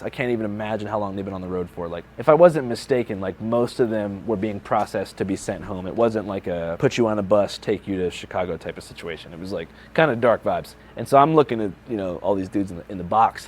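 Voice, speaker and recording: A man's voice: lowish voice, a little fast, darkish tone, slight background noise. A young man, a journalist and video creator, casually recounting a story with lots of "like" and "you know". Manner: laid-back, filler-heavy, lots of "like".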